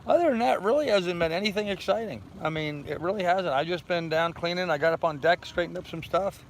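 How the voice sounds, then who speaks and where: An older man hosting a relaxed livestream from his sailboat in a harbor, rambling easily and reading viewer comments aloud. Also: high voice, fairly quick, slight background noise, poor audio. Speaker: vlog host. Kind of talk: casual livestream chat.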